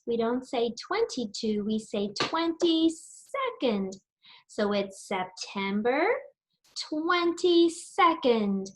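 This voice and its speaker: A middle-aged woman teaching preschool children, telling a story and leading circle time in a sing-song, encouraging way, asking them lots of questions. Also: fairly high pitch.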